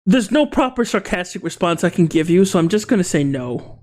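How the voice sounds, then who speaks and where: Jokey streamer chatting w/ viewers, voice swings up and down a lot, gets loud and giggly. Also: medium pitch, a little fast. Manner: excitable, jokey, bursts into laughing shouts. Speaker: live streamer. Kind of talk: casual live stream chat.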